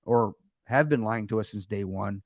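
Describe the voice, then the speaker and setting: A man's voice: on the low side, moderate pace, a little mellow, no room sound, studio quality. An American man hosting a livestream, ranting sarcastically in casual chat with lots of restarts. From United States. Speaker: livestream host.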